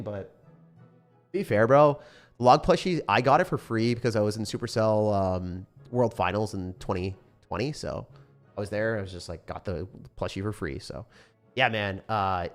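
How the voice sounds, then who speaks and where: A young man giving rambling, casual commentary on his gameplay, excitable and sometimes swearing. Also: medium pitch. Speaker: gaming YouTuber.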